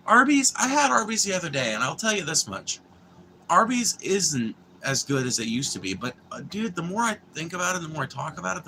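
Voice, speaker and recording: A man's voice: medium pitch, bright, forceful tone, a little hiss or hum. A young man, chatting casually and rambling with viewers on a livestream, swearing freely and restarting sentences. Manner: profane, meandering, restarts and filler words.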